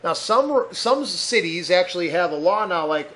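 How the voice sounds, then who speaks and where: A man's voice: high voice, animated, normal speed, fairly bright tone. A man hosting a podcast, ranting heatedly with constant swearing. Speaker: podcast host.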